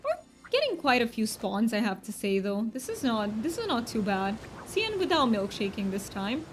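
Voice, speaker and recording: A woman's voice: a little high, sing-song, moderate pace, over music. Chatty young woman streamer. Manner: chatty, rambling, giggly. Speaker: game streamer. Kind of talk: casual chat while gaming.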